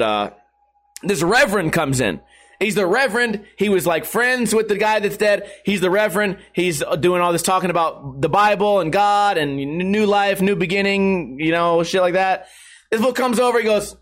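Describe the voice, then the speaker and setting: A podcast host with a fairly bright, high-sitting voice tells a story a little fast, casually and with profanity, laughing often.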